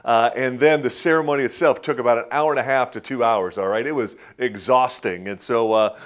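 Middle-aged guy pastor, folksy sermon, lots of restarts n little laughs. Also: mid-range voice. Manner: folksy, halting, frequent restarts and chuckles. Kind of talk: conversational sermon with personal stories.

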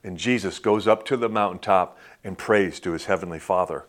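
A man preaching a sermon as a pastor in a conversational way, often dropping to a soft hush and saying "man" and "right?" a lot. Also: low-pitched, a little fast. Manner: frequent filler "man" and "right?".

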